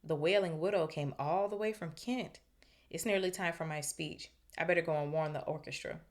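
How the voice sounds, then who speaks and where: A proud, touchy male ghost from a storybook, read in a woman's own low voice. He sounds formal and pleased with himself, with a bitter edge. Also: normal speed, close to an everyday voice.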